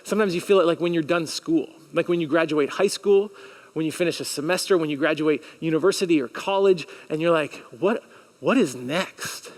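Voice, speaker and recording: A man's voice: on the high side, fast talker. A man preaching a sermon as pastor, talking in a conversational, earnest way and acting out the questions his listeners might ask. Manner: animated, with audience call-and-response. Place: church sanctuary.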